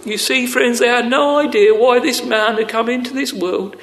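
A man preaching a sermon, earnest and deliberate, addressing his listeners as friends. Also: extremely high pitch, fairly bright tone. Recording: echoey hall with long reverb.

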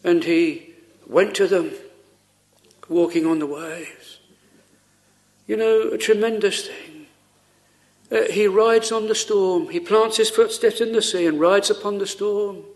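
A man preaching a sermon in an earnest, pleading way, full of pauses and rhetorical questions. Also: high voice, steady tone.

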